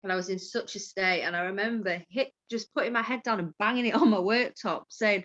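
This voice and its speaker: A candid woman speaks openly as a coach, peppering her talk with swearing and quick laughs. Her voice sits at a middling pitch. The audio is dull and lo-fi, like a call recording. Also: a bit bright. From Yorkshire, England. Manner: open, frank, swears freely, laughs often. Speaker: mindfulness coach and guest. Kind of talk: candid conversational chat.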